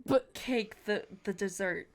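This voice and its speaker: A woman's voice: medium pitch, slow. A woman co-hosting a comedy podcast, reading her old fanfic aloud, sheepish and laughing at herself. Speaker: podcast co-host and fanfic author.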